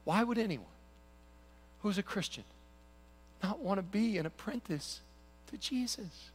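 A male pastor preaching a sermon in an animated, conversational way, often acting out stories. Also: high voice, unhurried, breathy edge. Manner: animated, conversational, storytelling with quoted voices.

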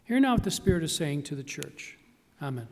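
A man reading scripture aloud in church, in a measured, solemn way. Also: on the high side, very animated, vocal fry, a little mellow, big-room sound, a little hiss or hum. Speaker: scripture reader. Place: church sanctuary.

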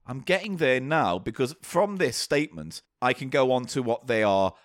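A man's voice: medium pitch, expressive, moderate pace, no echo, studio quality. A man co-hosting a casual comedic podcast, playful and swearing freely. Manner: playful, swears, breaks into silly voices. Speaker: podcast co-host.

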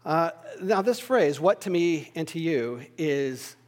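A man teaching a Bible study lesson, explaining word meanings in a measured, thoughtful way. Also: on the high side, lively intonation, a little mellow, big-room sound.

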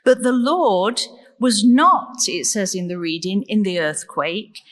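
A woman preaches a sermon at a slow, unhurried pace and leans on rhetorical questions. Her mid-pitched voice carries a long reverb from a large hall. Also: animated, a bit bright.

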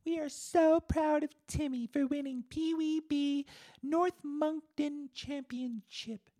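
A man voicing a shrill, image-obsessed middle-aged woman politician, scolding her teenage son in a falsetto. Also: steady tone, takes it slowly, dark tone. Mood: fake cheerful. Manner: hysterical, scolding.

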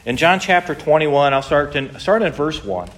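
A man preaching a sermon, retelling a story in a lively way, acting out the quotes, with many restarts. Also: on the high side, normal speed, slight background noise. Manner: animated storytelling with frequent restarts and acted-out quotes. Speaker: pastor.

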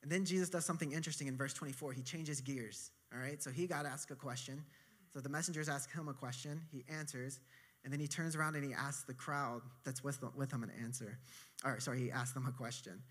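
A man preaching a sermon in a relaxed, conversational way, with casual asides and quick self-corrections. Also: mid-range voice. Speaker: pastor.

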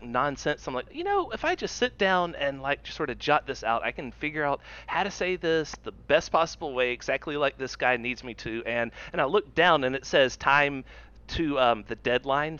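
A man's voice: mid-range voice, normal speed, sharp tone, smooth. A man co-hosting a podcast, telling rambling stories with frequent stammers. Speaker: podcast co-host. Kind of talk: casual chat. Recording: dull, dry lo-fi mic.

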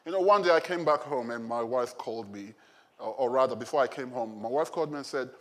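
A man's voice: mid-range voice, fast talker, fairly bright tone. A male pastor preaching a sermon in a conversational way, often asking the congregation questions.

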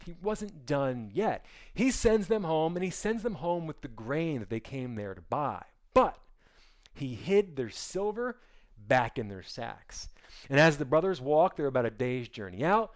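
Pastor guy telling a bible story, voice jumping all over, slightly high, chatty. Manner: acts out the characters' lines in quick voices; animated and conversational, with many asides. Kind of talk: animated sermon storytelling.

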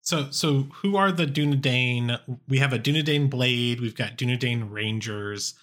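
A man hosting a podcast, asking questions in a halting way with many fillers. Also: mid-range voice, a bit bright. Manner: halting, searching for words. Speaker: podcast host. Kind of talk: casual podcast interview.

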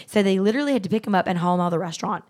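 A middle-aged woman hosting a podcast, telling stories in a blunt, animated way, swearing freely and acting out the people she quotes. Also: medium pitch, very fast. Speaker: podcast host. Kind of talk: casual storytelling chat.

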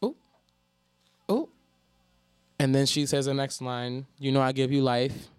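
Animated man chatting, smooth and dry. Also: mid-range voice, moderate pace, dry recording. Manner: animated, profane, quotes lyrics in a sing-song way. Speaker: podcast co-host. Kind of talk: casual chat.

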